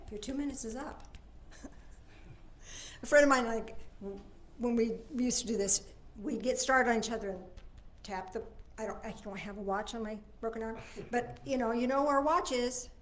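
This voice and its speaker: A woman minister giving an informal Sunday service talk. She speaks conversationally, checks in with her listeners, and moves between soft asides and emphatic points. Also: a little high, moderate pace. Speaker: spiritual minister.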